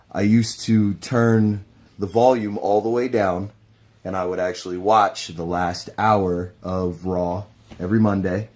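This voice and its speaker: A man with a very low, deep voice talks in a relaxed, meandering way, full of slang. He is a pro wrestler giving a casual testimonial. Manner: laid-back, rambling, slangy.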